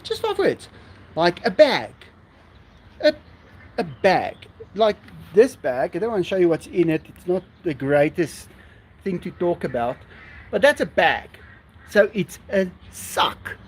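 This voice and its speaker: Slow, chatty man. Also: sits high, big pitch swings, breathy edge. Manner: chatty, laughs often, answers viewer comments. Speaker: live-stream host. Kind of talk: casual live-stream chat.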